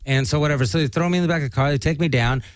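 Profane, animated man telling a story. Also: fairly high pitch, very fast, no room sound, rough recording. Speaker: guest comedian. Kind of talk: casual storytelling on a talk show.

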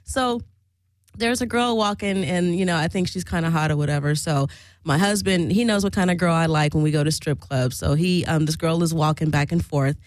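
Woman, casual storyteller, animated and profane, dry close sound. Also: deep voice, brisk, dry recording, rough recording.

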